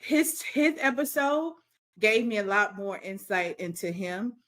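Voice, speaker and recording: A middle-aged woman co-hosting a podcast in casual chat, opinionated and quick to joke and laugh. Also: mid-range voice, expressive, fairly bright tone. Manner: joking and opinionated, laughs often. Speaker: podcast co-host.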